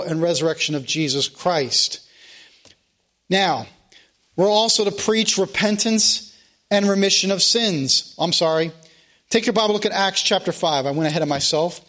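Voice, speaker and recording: A man's voice: high voice, bright, forceful tone. A man preaching a sermon, calling out scripture references again and again and asking rhetorical questions. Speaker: pastor.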